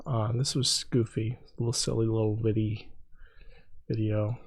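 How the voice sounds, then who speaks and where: Gravelly-voiced man joking on a podcast. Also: fairly low pitch, unhurried, no room sound. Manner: joking, sarcastic, animated storytelling. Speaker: podcast co-host. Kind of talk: casual chat.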